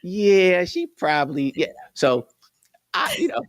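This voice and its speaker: A man's voice: high-pitched, wildly swooping pitch, slow pace, no echo, studio quality. A man in his fifties hosting an interview, bantering in a casual, slangy, playful way. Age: 50s. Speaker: host. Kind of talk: interview conversation.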